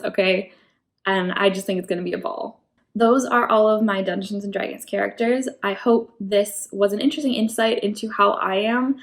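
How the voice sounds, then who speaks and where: A woman's voice: mid-range voice, vocal fry. A woman in her twenties chatting casually as a vlogger about her tabletop game characters, rambling a little and correcting herself as she goes. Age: 20s.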